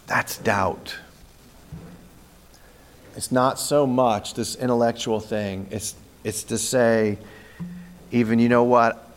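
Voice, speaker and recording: A man preaching a sermon, telling the story with animated retellings and acted-out voices. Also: medium pitch, takes it slowly, pauses often, faint music behind. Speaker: pastor.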